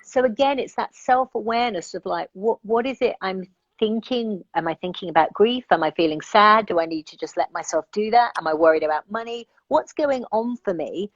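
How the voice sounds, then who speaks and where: A woman coach talks through her ideas in an earnest, reflective way, often pausing on "you know" as she works her thoughts out. Her voice sits at a middling pitch. The sound is a dull, muffled video-call recording in a dry space with no room echo. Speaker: life coach and podcast guest. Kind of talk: reflective interview conversation.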